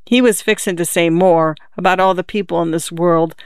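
An audiobook narrator reading a literary story in a measured, even manner. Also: mid-range voice, smooth, no room sound, clean studio sound.

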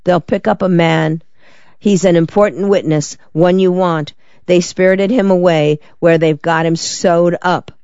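Reader putting on a curt anonymous caller guy, clipped and secretive, smooth dry sound. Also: medium pitch, fairly even intonation, darkish tone, no room sound, highs cut off, close to an everyday voice. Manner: terse, hurried. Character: anonymous male tipster on the phone. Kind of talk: audiobook character reading.

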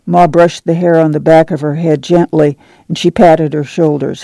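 A male audiobook narrator with a gravelly, mellow voice, pitched a little high. He reads in a measured, unhurried way. The recording is close and dry. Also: level tone, no room sound. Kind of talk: scripted narration.

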